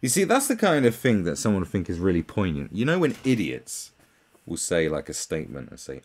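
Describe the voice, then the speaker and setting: A man's voice: wildly swooping pitch, brisk, a little mellow, breathy edge. A British man doing sarcastic commentary on memes, mocking and swearing freely. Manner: mocking, swears, jumps into high mock voices. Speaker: commentary host.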